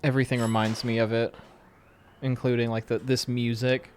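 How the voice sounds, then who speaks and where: A man's voice: mid-range voice, level tone, moderate pace, a little mellow, smooth. Wry man chatting over a game. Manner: wry running commentary, talks to the game. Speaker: streamer. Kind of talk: casual live-stream gameplay chat.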